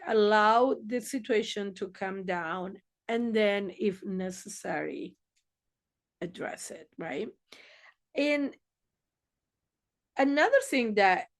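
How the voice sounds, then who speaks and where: A woman therapist giving casual advice, blunt and swearing freely, acting out little exchanges as she talks. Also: on the high side.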